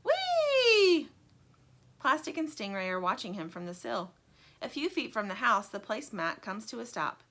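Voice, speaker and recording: A woman reading a children's story aloud in an expressive, animated way. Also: mid-range voice, brisk.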